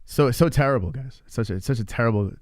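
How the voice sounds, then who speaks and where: A man's voice: mid-range voice, racing, darkish tone, dry recording. Profane, teasing male streamer, dry sound. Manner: profane, teasing, rambling with restarts. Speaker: live stream host. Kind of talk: casual live stream chat, reading chat.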